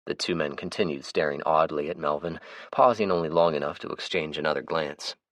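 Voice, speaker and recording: A man narrating an audiobook in a steady, even storytelling manner. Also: very deep voice, brisk, dry recording, clean studio sound. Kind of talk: scripted narration.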